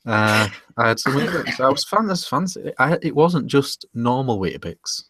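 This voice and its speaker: A man's voice: mid-range voice, big pitch swings, normal speed, noisy background. A British man co-hosting a casual podcast chat, restarting his sentences and laughing often. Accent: British English. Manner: hesitant, repeats words and laughs often. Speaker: podcast co-host.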